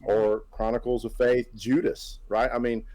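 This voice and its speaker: A man's voice: medium pitch, level tone, normal speed, mellow, poor audio. A man talking as a guest in an interview, enthusiastic and tagging his points with a question. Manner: enthusiastic, tags points with "right?". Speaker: comic creator guest. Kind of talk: casual interview chat.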